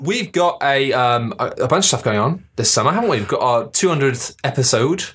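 A man co-hosting a comedy podcast, chatting casually with quick jokey asides. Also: mid-range voice, expressive, over loud music. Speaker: podcast co-host.

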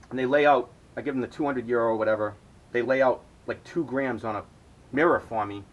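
A man's voice: mid-range voice, fairly quick, muffled recording. A middle-aged man hosting his own podcast, telling a long, rambling story full of swearing. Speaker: podcast host. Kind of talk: storytelling monologue.

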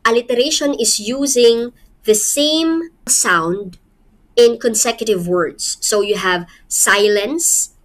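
A woman from the Philippines speaks with a Filipino accent as she lectures on a poem. Her voice sits a little high, and she talks slowly and deliberately. She poses questions to her listeners as she works through the lines. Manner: explains slowly with rhetorical questions and light laughs. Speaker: literature teacher. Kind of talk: poetry lecture.

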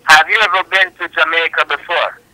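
A man on a recorded phone call who talks haltingly and keeps repeating himself to insist on his point. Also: a little high, steady tone, pushed and bright, dry recording. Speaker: phone scammer.

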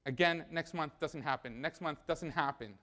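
A man's voice: on the high side, moderate pace, pushed and bright. A young man preaching a sermon in a church, telling a personal story in a conversational way and acting out the dialogue.

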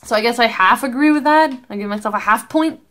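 A woman's voice: on the high side, quick pace, a bit bright. A woman vlogging at home in casual commentary, blunt, profane and sarcastic. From Canada.

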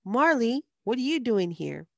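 A woman's voice: on the high side, very animated, a little slow, vocal fry, no echo, voice pushed up, heavily acted. A woman reading a story aloud, voicing a young schoolkid who speaks bluntly and accusingly. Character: young schoolkid caught egging houses.

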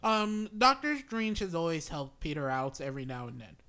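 Man, co-host, bright sharp voice, dry jokes, casual chat. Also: a little high, sing-song, normal speed. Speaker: podcast co-host.

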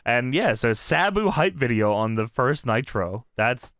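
A man's voice: mid-range voice, sing-song, a little slow, fairly bright tone, no room sound, studio quality. A young man co-hosting a casual wrestling review chat, laughing often, swearing and acting out quotes. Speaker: podcast co-host.

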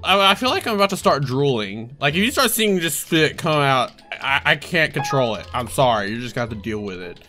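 A young adult commenting live on gameplay, panicky and yelping, with quick repeated phrases. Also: mid-range voice, big pitch swings, bright, forceful tone. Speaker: gaming video creator. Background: game music.

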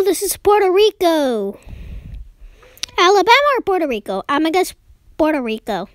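A young woman giving casual commentary while playing a map-guessing game, excitedly talking to herself as she guesses. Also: extremely high pitch, no room sound, studio quality. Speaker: game player.

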